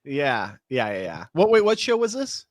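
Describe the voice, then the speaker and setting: A man's voice: fairly high pitch, wildly swooping pitch, normal speed. A man hosting a casual livestream, reacting briefly and asking curious follow-up questions. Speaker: livestream host.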